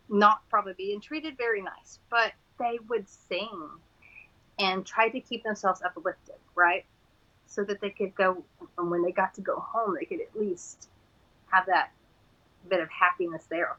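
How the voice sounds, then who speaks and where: Bright-voiced Texan woman. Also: mid-range voice, a little slow, pauses often, lo-fi sound. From Texas. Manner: rambling, laughs often, rising excitement. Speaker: host. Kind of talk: casual chat.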